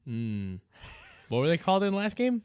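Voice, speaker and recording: A man's voice: a little high, wildly swooping pitch, moderate pace, darkish tone, clean tone, no echo, clean studio sound. A man co-hosting an internet radio show, throwing in sarcastic jokes during a casual talk about games. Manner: sarcastic, joking asides. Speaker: co-host.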